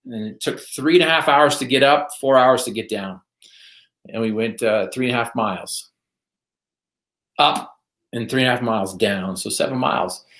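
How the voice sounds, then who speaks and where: An earnest man tells a motivational story with steady emphasis. His voice sits at an ordinary pitch. The recording carries a noticeable roomy echo. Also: normal speed, long pauses. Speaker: podcast guest.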